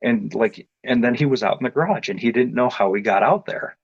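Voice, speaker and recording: A man's voice: medium pitch, a little fast, vocal fry, slightly rough, dry recording. Rambling man with a dull, dry sound. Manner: rambling, with many restarts and fillers; grows more animated and louder as the story builds. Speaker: interview guest telling his experience. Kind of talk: casual storytelling.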